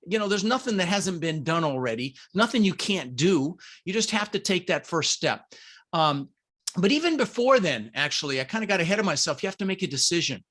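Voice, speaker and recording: A middle-aged man with a fairly high voice, speaking from a room at home. He is a punchy, emphatic interview guest who drives each point home and keeps calling his listeners "guys". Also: big pitch swings, fairly quick, fairly bright tone. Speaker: guest, business coach. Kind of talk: energetic motivational interview talk. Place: home room with green screen.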